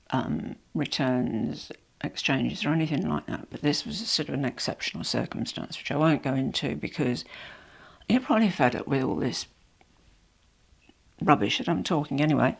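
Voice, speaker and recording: A woman's voice: sits low, animated, normal speed, vocal fry, husky. A woman with a cold and a nasal voice, a bit out of breath, chatting and rambling apologetically to camera at home. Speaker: vlogger. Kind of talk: casual unboxing chat. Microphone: small microphone.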